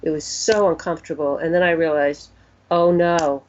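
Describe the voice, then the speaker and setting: A woman in her sixties, an interview guest, telling a personal story in an earnest, unhurried way and voicing her own thoughts as she goes. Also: low voice, slight background noise. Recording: dull lo-fi recording.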